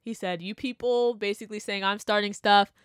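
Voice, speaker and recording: A young woman telling a story in casual chat, animated and full of fillers, acting out what people said. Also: medium pitch, a little fast, smooth, dry recording, studio quality. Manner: animated, chatty, full of "like" and laughter, acts out quotes. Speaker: vlogger.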